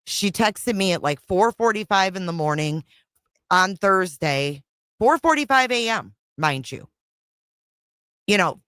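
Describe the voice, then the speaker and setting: A woman's voice: mid-range voice, lively intonation, a little slow, pauses often, a bit bright, smooth, dry recording, clean studio sound. A middle-aged woman hosting a casual livestream chat, frustrated and rambling, repeating herself and swearing. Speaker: livestream host.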